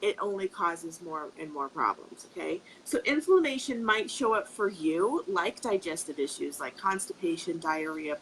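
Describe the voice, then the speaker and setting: Woman, low gravelly voice, chatty live-stream host, faint background hiss. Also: a bit bright, low-quality recording. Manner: chatty, explains with everyday examples. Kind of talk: casual live video talk. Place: home in Colorado.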